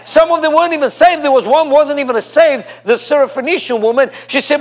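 A man's extremely high-pitched voice races along with hardly any pauses as he preaches to his congregation. Emphatic and repetitive, he leads them in call and response from the church.

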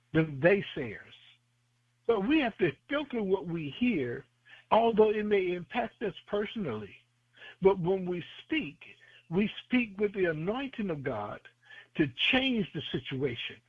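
A man delivers a radio sermon in a high, husky voice. His phrasing is fervent and rhythmic, stacking repeated lines and scripture. The sound is thin and phone-like, with no room echo. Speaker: preacher. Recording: tinny phone-line sound.

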